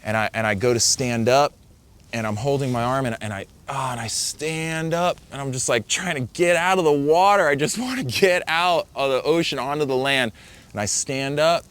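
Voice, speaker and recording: Man vividly retelling a wipeout, bright voice. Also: medium pitch, clean tone. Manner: vivid, halting retelling with many fillers and self-quotes. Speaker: surfer recounting a wipeout. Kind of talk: casual storytelling interview.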